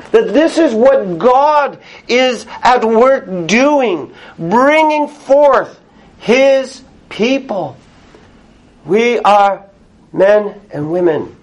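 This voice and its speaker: A male pastor preaching a sermon in an earnest, emphatic way, pausing often and laughing softly. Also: very high-pitched.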